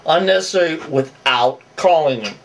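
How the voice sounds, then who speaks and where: A man's voice: a little high, animated, normal speed, recorded from a distance. A man giving off-the-cuff, opinionated commentary that rambles with asides and restarts.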